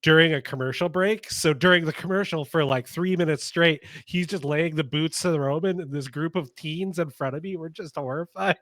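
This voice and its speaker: A man co-hosting a wrestling podcast, chatting and telling stories in an animated way with laughter. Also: a little high, moderate pace, no echo, studio quality. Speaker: podcast co-host. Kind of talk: casual chat, storytelling.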